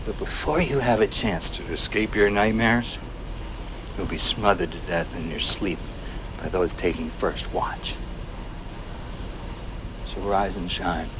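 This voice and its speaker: An actor playing a paranoid, fiery male agitator in a video game, delivering an impassioned rant that swings from hushed menace to near-shouts. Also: low voice, measured pace, pauses often, background noise. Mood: brooding menace. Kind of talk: video game voice acting, radio-style monologue.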